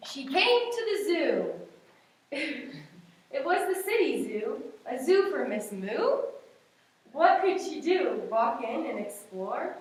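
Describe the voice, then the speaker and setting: A young woman reads a picture book aloud to children in a classroom, encouraging and sing-song. Her fairly high voice swings widely, and it comes from far off in a very echoey room. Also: sing-song, slow pace, slight background noise. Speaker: student teacher.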